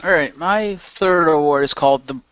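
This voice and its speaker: A man's voice: fairly high pitch, moderate pace, a bit bright, smooth, no echo. A man co-hosting a casual podcast, talking with enthusiasm and laughing. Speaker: podcast co-host. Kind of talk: casual chat. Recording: dull dry lo-fi recording.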